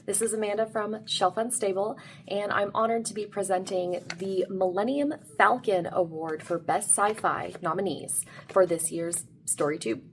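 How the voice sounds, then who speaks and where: A woman's voice: mid-range voice, fairly even intonation, moderate pace, slight background noise. A woman author presenting award nominees in a cheerful, formal way. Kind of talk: recorded presentation.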